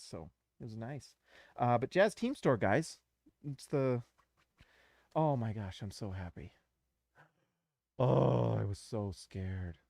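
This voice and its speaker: Man, live stream host, effusive and repetitive, unhurried delivery, dry close sound. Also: mid-range voice, no room sound. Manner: effusive, repeats himself, addresses viewers directly. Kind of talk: casual live reaction stream.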